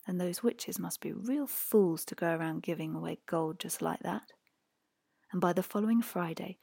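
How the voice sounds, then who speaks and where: A woman narrating a fairy tale in a hushed voice that often drops to a whisper. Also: fairly low pitch, vocal fry, breathy edge, no echo, clean studio sound. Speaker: audiobook narrator. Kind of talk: storybook narration.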